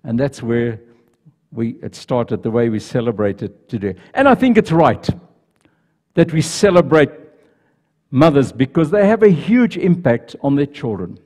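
Mellow-voiced male pastor preaching. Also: mid-range voice, sing-song, unhurried. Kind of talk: sermon. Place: church. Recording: reverberant church hall.

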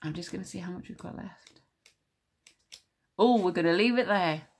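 A woman teacher reading a children's novel aloud with steady, clear storytelling. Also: lowish voice, normal speed, a little hiss or hum.

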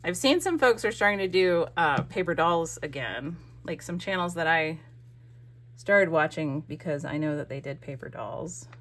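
This woman has a deep, expressive voice with a slightly bright quality, speaking at a normal pace. She works on a scrapbook for her craft channel, gluing as she talks in a chatty, wandering way and often breaks off partway through her sentences.

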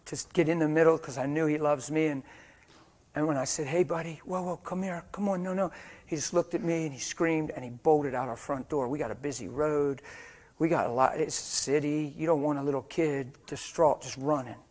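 An older white-haired preacher telling a story in a sermon, dropping to hushed whispers and rising to loud, fervent preaching before a live audience. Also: male voice, on the high side, fairly even intonation, brisk. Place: church or meeting hall before a live audience.

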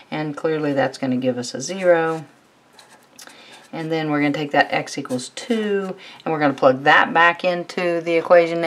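Low-voiced woman teaching calculus. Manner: relaxed, conversational, thinks aloud while writing. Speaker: math teacher. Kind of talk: recorded math lecture.

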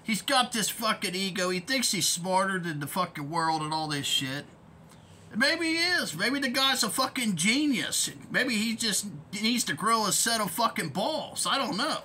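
A man's voice: high voice, very animated, moderate pace, pushed and bright, slight background noise. A man ranting in a vlog as an online commentator, profane, rambling and heated.

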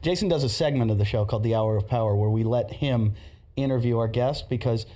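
A man's voice: mid-range voice, quick pace, dark tone. A man hosting a podcast, a stand-up comedian telling stories in casual chat with laughs. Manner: storytelling with laughs and comic voices.

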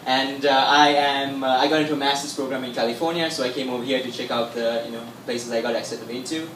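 A man's voice: medium pitch, steady tone, fast, fairly bright tone, a little hiss or hum. Sri Lankan-accented young man doing stage patter. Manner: chatty, showman-like. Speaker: magician. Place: comedy club stage. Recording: echoey room, mic far off.

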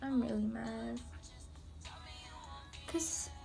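A woman's voice: a little high, steady tone, very slow, vocal fry. Rambling young woman over music. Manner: rambling and candid, slangy. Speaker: beauty vlogger. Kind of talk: casual get-ready-with-me chat.

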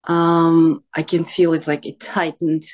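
Female client, hesitant, slow and low-pitched, searching for words. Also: flat delivery, a little mellow. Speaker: session client. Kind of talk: emotional personal sharing.

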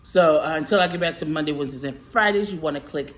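Animated woman vlogger, laughs a lot. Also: deep voice, fast talker, few pauses, over loud music. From California. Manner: animated, laughs often, quotes herself in retellings. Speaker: mukbang vlogger. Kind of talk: casual storytelling to camera.

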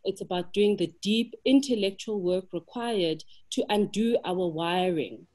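A South African woman makes her case on a webinar panel with real conviction. She talks at an ordinary, mid-range pitch and asks pointed rhetorical questions to drive each point home. She sounds as if she is on a video call. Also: a little slow, darkish tone. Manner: impassioned, emphatic, builds arguments with rhetorical questions. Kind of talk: webinar discussion.

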